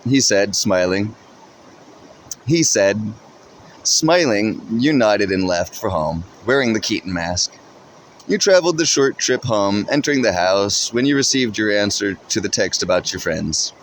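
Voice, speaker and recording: Low-voiced man reading a story. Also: expressive, moderate pace, a little hiss or hum. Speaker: narrator. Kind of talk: second-person story reading.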